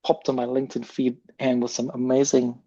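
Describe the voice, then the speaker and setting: A man's voice: medium pitch, completely flat delivery, fairly quick, mellow, dry recording, highs cut off. A man hosting a podcast, chatty and rambling with frequent restarts. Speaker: podcast host. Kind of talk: casual podcast interview.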